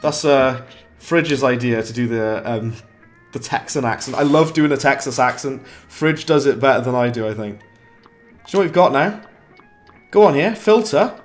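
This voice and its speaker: A British man streams a game with chatty live commentary, poking fun at himself and breaking into quick bursts of frustration. His voice is medium-pitched, with soft music in the background.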